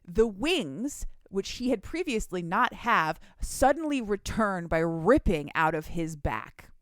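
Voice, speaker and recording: A woman's voice: mid-range voice, sing-song, slow pace, no echo, studio quality. A young woman co-hosting a podcast, casually and animatedly retelling a book's plot with laughs and swearing. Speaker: podcast co-host recapping a book. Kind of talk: casual chat.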